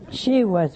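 A woman giving a folksy sermon, chatty and teasing, full of rhetorical questions and anecdotes. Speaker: religious teacher.

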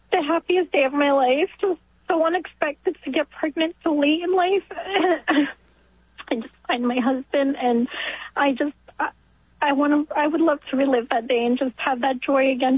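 Casting: high-voiced woman in her 40s, radio caller, emotional and halting, dry tinny phone line. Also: no echo. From New York. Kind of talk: call-in radio testimony.

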